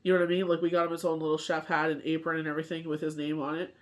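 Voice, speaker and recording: A woman's voice: low voice, little pitch movement, rapid-fire. A woman with a cold, reading tarot cards in a rambling, chatty way and often asking whether the listener follows. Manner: rambling, chatty, constant "you know what I mean". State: has a cold, short on sleep. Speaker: tarot reader. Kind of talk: casual daily tarot reading.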